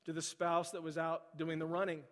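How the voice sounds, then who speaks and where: A middle-aged male pastor preaching a sermon. He tells a story, then pleads softly with repeated phrases. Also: fairly high pitch, little pitch movement, normal speed. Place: large church sanctuary. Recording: long hall reverb.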